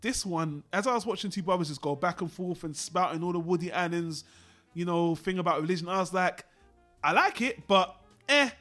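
A man co-hosting a podcast, chatting casually about a film, animated and swearing as he acts out lines from it. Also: sits high, a little fast, soft background music. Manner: animated, swearing, acts out characters in his retelling. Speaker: podcast co-host.

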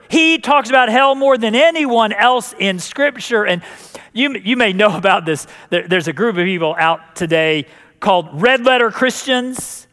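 A male pastor preaches a sermon with a jokey touch and often repeats words as he restarts his sentences. His voice sits high for a man. The sound rings out with the long reverb of a church hall. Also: animated, measured pace, bright, forceful tone.

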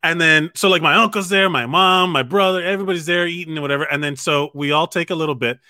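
A man's voice: on the high side, fast, pushed and bright, dry recording, studio quality. A man chatting casually as a podcast co-host, telling a story with many restarts and self-corrections. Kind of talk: casual chat.

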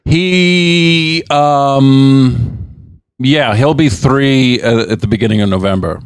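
A man's voice: mid-range voice, slow pace, clear, resonant tone, no room sound, clean studio sound. A man co-hosting a casual podcast, rambling with fillers and restarts. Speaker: podcast co-host, father.

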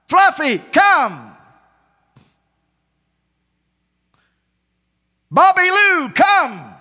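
A shepherd hollers his sheep home, one name after another, in high, ringing shouts, as a preacher acts him out. The bright calls bounce through a long church-hall reverb. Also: exaggerated voice.

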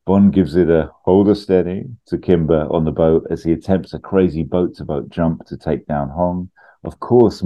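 A man co-hosting a podcast, casually pitching a film plot with lots of laughs and ums. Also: lo-fi sound. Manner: chatty, laughs often, trails off with ums.

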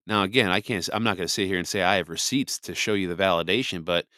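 Low-voiced man giving casual Bible commentary. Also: fast, bright, forceful tone, smooth, dry recording, clean studio sound. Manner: conversational, frequent "you know" fillers, emphatic preaching. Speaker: podcast host.

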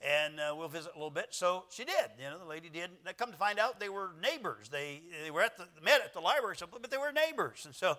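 A man's voice: high voice, sing-song, quick pace, few pauses, sharp tone. A male pastor preaching an evening church sermon in a folksy, rambling way, full of fillers and little self-deprecating chuckles. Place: church sanctuary.

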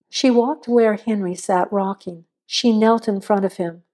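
Woman narrator, suspense audiobook, measured delivery, warm mellow tone. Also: medium pitch. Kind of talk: scripted storytelling narration.

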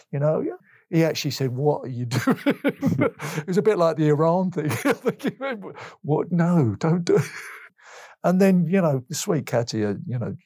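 Man, fifties, from England, husky, mellow, candid, emotional storyteller, interview guest. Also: on the high side, no echo. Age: 50s. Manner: emotional, open storytelling with lively retold dialogue.

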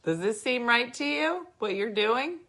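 Her pitch is a little high and her intonation lively, moving at a measured pace with a fairly bright tone. She's a chatty New Jersey woman hosting a laid-back podcast, slightly tipsy and talking in a sing-song way to her dogs.

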